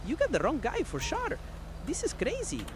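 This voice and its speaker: A woman's voice: sits high, huge pitch swings, normal speed, background noise. A synthetic woman's voice playing a defiant young male suspect in a game, protesting his arrest. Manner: protesting, insistent, dismissive.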